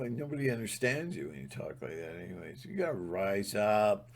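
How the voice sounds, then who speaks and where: A man's voice: lowish voice, big pitch swings, fairly quick, gravelly, few pauses. A man giving a rambling, emphatic spiritual monologue, sometimes breaking into mocking mimicry. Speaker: spiritual vlogger.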